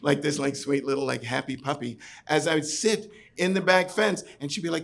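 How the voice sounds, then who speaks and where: A man's voice: on the high side, brisk, creaky. A man from New York telling a personal story on a pub stage, chatty and full of "like" and "right". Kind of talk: live comic storytelling.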